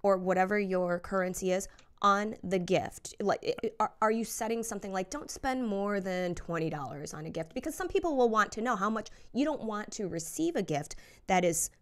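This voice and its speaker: A woman's voice: medium pitch, lively intonation, brisk. A female podcast co-host speaks in a mid-range voice. She reacts eagerly and follows up with clarifying questions. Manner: enthusiastic, inquisitive. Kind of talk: podcast interview.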